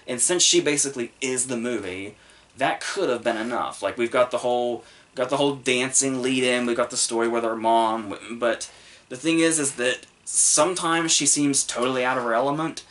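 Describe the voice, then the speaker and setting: Young male podcast host, offhand rambling review delivery, mid-pitched voice. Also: a bit bright. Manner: rambling, frequent ums and restarts, swears, laughs often. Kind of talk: casual solo review.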